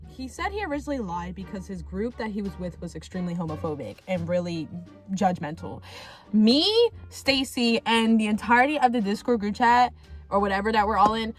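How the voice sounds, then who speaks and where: A young woman telling a casual storytime, rambling and animated, with lots of "like" and free swearing. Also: medium pitch, fairly quick. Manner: animated, rambling, heavy use of "like", swears freely. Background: faint background music.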